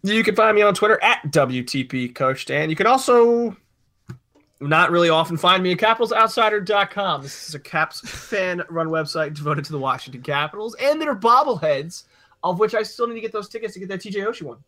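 A man's voice: high voice, lively intonation, a little fast, pushed and bright. A young man in his twenties co-hosting a sports podcast in casual chat, rambling, joking and correcting himself mid-thought. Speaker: podcast co-host.

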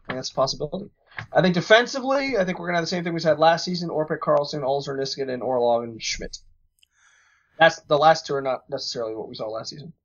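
A young man co-hosts a casual sports podcast, joking around and rambling, often repeating his words as he thinks. His voice sits a little high, and the recording sounds dull and lo-fi. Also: animated, quick pace, a bit bright. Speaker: podcast co-host.

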